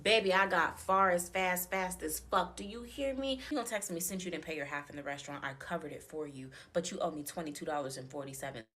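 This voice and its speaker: A woman with a fairly low voice recounts a bad date in casual storytelling. She is blunt and profane and tells it dramatically. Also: fast talker, few pauses, a bit bright. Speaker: storyteller in clip.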